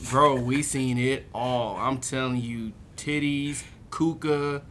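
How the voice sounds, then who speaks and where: A man's voice: medium pitch, steady tone, slow, fairly bright tone, a little hiss or hum. A young man telling a rowdy story in casual chat, laughing often and mimicking the people he quotes. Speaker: podcast co-host telling a story.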